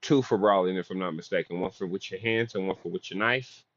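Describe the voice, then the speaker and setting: Low-voiced man running a tabletop game. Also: quick pace, fairly bright tone, no echo, highs cut off. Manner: casual, swears freely. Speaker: game master.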